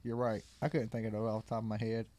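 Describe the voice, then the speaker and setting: A man's voice: fairly low pitch, little pitch movement, quick pace, heavy background noise. A man hosting a live call-in show from his studio, talking in a loose, slangy, joking way and sounding congested. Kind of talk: casual call-in chat. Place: home studio.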